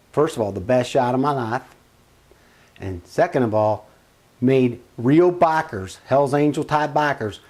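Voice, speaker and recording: A man telling a funny family story in a casual first-person way, animated, with big swings in pitch and loudness.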